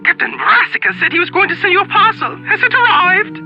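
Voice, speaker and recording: A woman's voice: very high-pitched, quick pace. An actress voicing a pompous, fussy older society chairwoman in a video game, haughty and theatrical with old-fashioned phrasing. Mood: imperious. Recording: dull lo-fi game audio. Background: faint game music.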